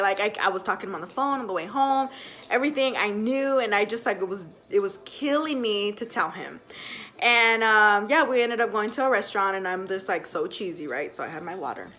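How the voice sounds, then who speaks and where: At home, a young vlogger with a medium-pitched voice tells a personal story to the camera. She's chatty and animated, and her speech is full of fillers.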